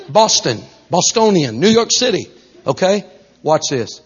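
A faint crowd can be heard as a Southern preacher tells stories from the pulpit in a folksy, lively way, going quiet at times before swelling to a loud pitch. His voice is a little high and his pace measured, on a dull, lo-fi recording.

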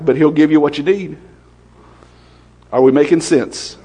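A man preaching a sermon, quick-fire and lively, often asking questions of the congregation. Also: on the high side, slightly rough, in a large hall.

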